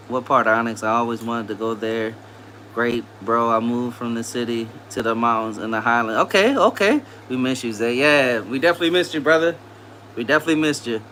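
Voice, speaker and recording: This Southern-accented man from Louisiana hosts a casual livestream, reading out viewers' comments and greeting them in an easygoing, upbeat way. His voice is medium-pitched with a sharp tone, and there is slight background noise.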